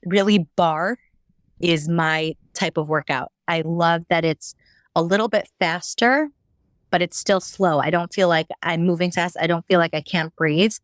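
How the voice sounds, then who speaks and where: A woman's voice: on the low side, steady tone, unhurried, dry recording, studio quality. A woman guest sharing a personal story in a candid, rambling way, with frequent restarts. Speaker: podcast guest.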